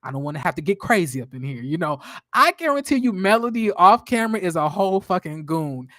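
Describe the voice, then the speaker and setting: A woman in a casual video blog, recapping a reality TV episode with blunt, profane, animated storytelling. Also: fairly low pitch, a little fast, no room sound, studio quality. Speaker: reaction commentator.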